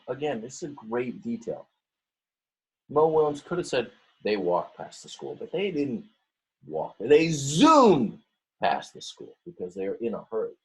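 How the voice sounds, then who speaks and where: A man's voice: fairly low pitch, a little mellow, husky. A male teacher reading a picture book aloud to his students, stretching words, acting out the story voices and stopping often to explain details to the class.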